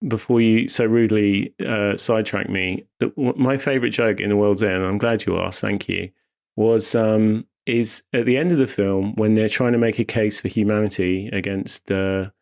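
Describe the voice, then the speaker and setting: Steady in tone and a little mellow, this young man's lowish voice moves at a moderate pace. He's a podcast co-host from Wiltshire, England, with a mild accent, chatting casually about movies while rambling, breaking into his own sentences, and laughing frequently.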